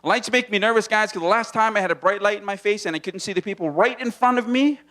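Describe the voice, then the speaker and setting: This is a Hawaiian comedian doing stand-up in a small room, talking quickly into a handheld mic. Playful and full of energy, he keeps breaking into silly voices, among them a deep movie-trailer voice.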